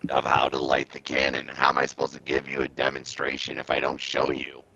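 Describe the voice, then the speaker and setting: A man on a casual livestream podcast, deadpan and teasing, his mic sounding robotic. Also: extremely low pitch, a little fast, creaky, dull audio, slight background noise. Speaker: podcast co-host.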